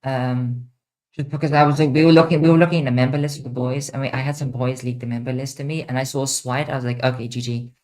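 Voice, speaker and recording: A woman's voice: rumbling low, fairly even intonation, quick pace, warm tone. A young woman streamer hosting a casual Q&A, rambling and repeating herself with many fillers. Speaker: streamer host. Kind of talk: casual livestream Q&A.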